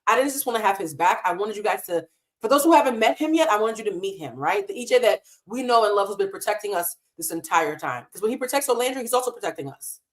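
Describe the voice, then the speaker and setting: A woman's voice: medium pitch, expressive, quick pace. Impassioned woman hosting a live stream. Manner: impassioned, emotional, swears freely. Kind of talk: casual live stream commentary. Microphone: desk mic in a hotel room.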